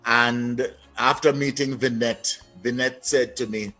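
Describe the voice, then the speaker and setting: A man from Jamaica with a Jamaican accent, a guest telling lively stories in a casual interview. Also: mid-range voice, slow pace, few pauses, slightly rough, soft background music. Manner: lively, anecdotal, trailing-off phrases.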